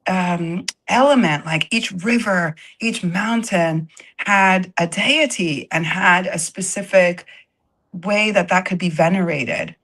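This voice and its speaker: A woman's voice: fairly low pitch, a bit bright, low-quality recording. A woman co-hosting a casual livestream chat, explaining in an enthusiastic way. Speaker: co-host.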